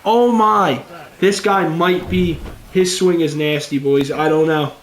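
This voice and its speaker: Excitable young man commenting his game. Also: on the high side, measured pace, echoey room, slight background noise. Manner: excitable, casual, addresses viewers as "boys". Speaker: gaming YouTuber. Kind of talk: let's play commentary.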